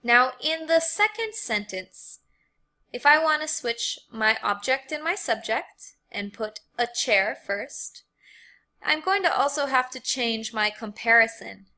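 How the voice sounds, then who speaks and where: Slow, bright-voiced American woman teacher. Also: fairly high pitch, animated. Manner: slow, careful explaining, repeating words for learners. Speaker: English teacher. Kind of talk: grammar lesson.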